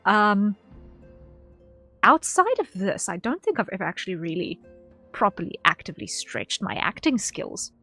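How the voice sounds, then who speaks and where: A woman streamer talks casually to her viewers at the end of a session. Her speech rambles, circling back on words and filling gaps with ums, while quiet music plays underneath. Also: medium pitch, very animated, normal speed. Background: faint background music.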